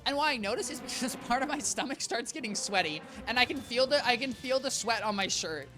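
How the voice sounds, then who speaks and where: A woman's voice: on the high side, animated, fairly quick, noisy background. A young woman streaming a game from her apartment, rambling playfully and talking straight to her chat. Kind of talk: casual gameplay chatter. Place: home apartment.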